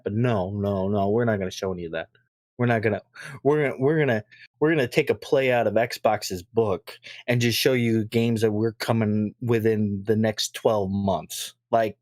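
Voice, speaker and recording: A man's voice: medium pitch, a little slow, no echo, studio quality. A man ranting on a gaming podcast, exasperated and profane, often repeating himself. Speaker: podcast co-host. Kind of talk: heated podcast rant.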